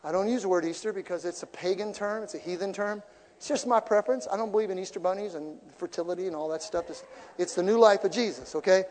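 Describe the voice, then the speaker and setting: A male pastor with a notably high voice preaches in church, lively and playful, throwing in jokes and asides to the congregation. His voice rings out with a long reverb tail from the sanctuary. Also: fast. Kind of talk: sermon.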